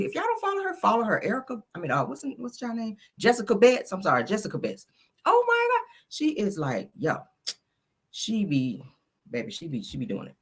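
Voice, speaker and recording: A woman's voice: on the low side, fairly bright tone. A woman hosting a celebrity news live stream, talking in a chatty, sassy way, full of slang asides. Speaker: celebrity news channel host. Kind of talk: casual live-stream commentary.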